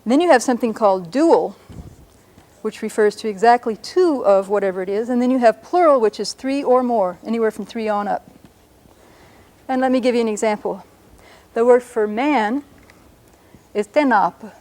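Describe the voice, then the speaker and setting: Slowing down to sound words out, she patiently explains a language lesson for a broadcast show. The pitch leans high, and the tone is dark.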